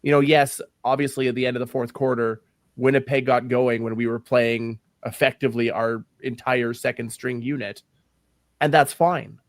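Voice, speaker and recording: A man talking football on a podcast in an easy, conversational way. He is opinionated and sometimes pauses to hunt for the right word. His voice sits in a middle register and sounds close and dry. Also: medium pitch, fairly even intonation, no room sound. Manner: conversational, searches for words, opinionated. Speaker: podcast co-host. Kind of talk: casual sports chat.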